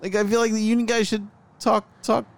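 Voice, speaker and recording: A man's voice: sits high, little pitch movement, brisk, gravelly. A man co-hosting a casual podcast, rambling with many fillers and restarts. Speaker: podcast co-host. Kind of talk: casual chat.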